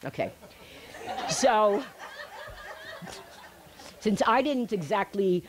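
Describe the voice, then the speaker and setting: Lively, animated woman telling a story. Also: medium pitch, very slow, a crowd in the background, noisy background. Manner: chatty and animated, laughing at her own story. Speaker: speaker giving a healing talk. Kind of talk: personal storytelling to a live audience.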